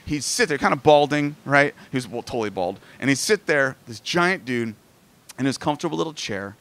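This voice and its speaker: A man preaching in a casual, conversational way, telling a family story with rising emotion. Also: fairly quick. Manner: conversational, animated, rises in pitch when moved. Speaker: pastor. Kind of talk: sermon storytelling. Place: outdoors near sand.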